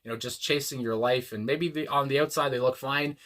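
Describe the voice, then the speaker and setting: A man hosting a music reaction video, talking casually and reflectively with many pauses and fillers, reading lyrics aloud slowly. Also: mid-range voice, fairly even intonation, fairly bright tone. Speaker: music reaction channel host. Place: home room, a dog nearby.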